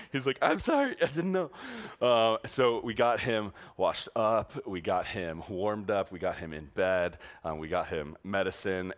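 A young man telling a story in a sermon to a youth group, animated and chatty, full of "like" and "um", laughing as he goes. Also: sits low. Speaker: youth pastor.

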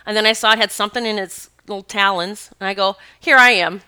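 With a smooth, medium-pitched voice and a quick pace, a woman who teaches spirituality tells stories casually. Her delivery is animated and emphatic, punctuated by frequent laughs.

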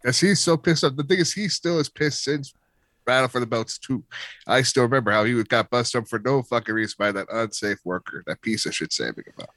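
A man's voice: medium pitch, expressive, fairly quick, a bit bright, dry recording. A man co-hosting a casual wrestling podcast, earnestly defending his favorites and swearing casually. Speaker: podcast co-host.

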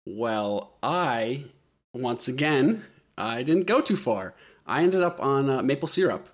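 A man's voice: medium pitch, lively intonation, slow pace. A man co-hosting a casual podcast over a remote call, laid-back and swearing casually. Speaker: podcast co-host. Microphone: remote call mic.

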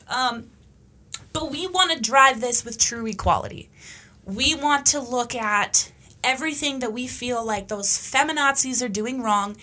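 A woman talks through a casual, opinionated podcast monologue. Her voice sits slightly high and rings bright and forceful. She drives her points home bluntly and emphatically, dropping in the occasional curse. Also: normal speed. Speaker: podcast host.

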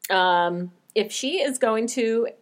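A woman's voice: a little high, lively intonation, slow pace. A woman co-hosting a podcast, reading out news items and steering the chat in a matter-of-fact way. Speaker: podcast co-host.

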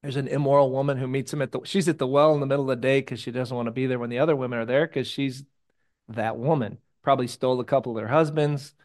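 A man preaching a sermon in a conversational, animated way, with jokey personal stories, hushed asides and sudden loud bursts. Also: medium pitch, fast. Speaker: pastor.

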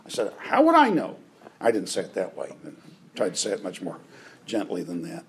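A man's voice: sits low, brisk, vocal fry, darkish tone, husky, low-quality recording. A man preaching a conversational sermon, often checking in with his listeners. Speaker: pastor.

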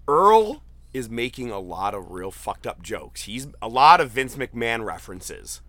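A man hosting a casual podcast chat, retelling jokes with excited, profane laughter. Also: medium pitch. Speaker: podcast host. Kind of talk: casual chat recapping an event.

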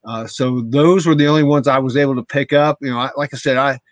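A man's voice: medium pitch, steady tone, quick pace, no echo. Man telling a story in casual chat.

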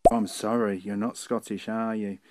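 A man's voice: lowish voice, level tone, normal speed, darkish tone. A man with a Manchester accent leaving a friendly, chatty voice message. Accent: Mancunian. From Manchester, England. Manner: chatty and apologetic. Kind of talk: recorded voice message.

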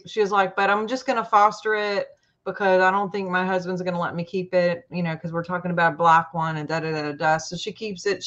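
A woman casually telling a long personal story in a chatty, animated way, acting out what people said. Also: fairly low pitch. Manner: chatty, animated retelling with quoted voices. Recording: muffled lo-fi audio.

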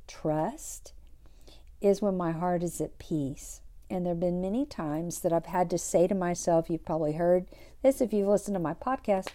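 A middle-aged woman hosting a devotional podcast, talking in a soft, reflective way and dropping to a whisper for scripture. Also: lowish voice. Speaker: podcast host.

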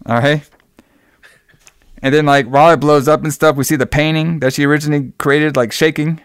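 A young man casually recapping a film plot in loose, profane talk, slipping into quick voices for the characters. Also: fairly high pitch, steady tone, smooth, no room sound, clean studio sound. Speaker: podcast co-host recapping a movie.

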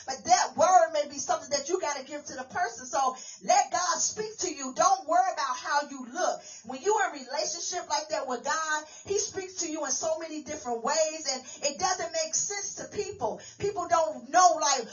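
High-voiced woman preaching with call-and-response. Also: fairly quick, recorded from a distance, dull audio. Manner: call-and-response questions, animated storytelling. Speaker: apostle preaching. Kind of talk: informal sermon.

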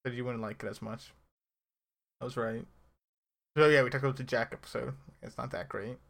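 A man's voice: medium pitch, fairly even intonation, a little fast, gravelly, fairly bright tone. Playful teasing man reviewing an episode. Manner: playful teasing, laughs often. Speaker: podcast co-host. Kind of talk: casual episode review chat.

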